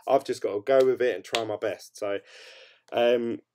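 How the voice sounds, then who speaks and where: Over slight background noise, this young man speaks in a mellow, medium-pitched voice with fairly even intonation at a moderate pace. He's a crypto mining streamer in casual late-night livestream chat, rambling upbeat and full of hedges and fillers as he reads viewer comments.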